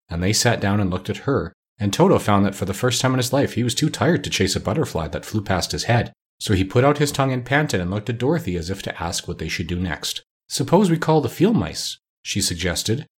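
A man narrating a children's storybook aloud in a measured, unhurried way. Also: fairly low pitch, animated, husky.

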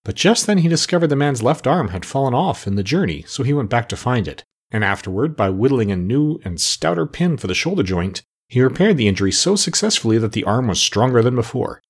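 A man narrating a storybook aloud in an expressive storytelling manner. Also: mid-range voice, brisk, hardly any pauses, slightly rough. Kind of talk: audiobook narration.

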